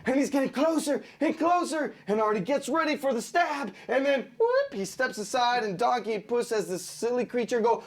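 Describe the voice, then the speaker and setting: High-voiced man pitching a story. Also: brisk, hardly any pauses. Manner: animated, laughing, acts out voices and sounds. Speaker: story artist pitching a scene.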